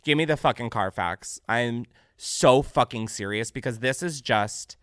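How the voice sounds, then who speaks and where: A man hosting a comedic podcast, reacting loudly to what he reads, swearing freely and laughing often. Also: mid-range voice, unhurried, dry recording, studio quality. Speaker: podcast host.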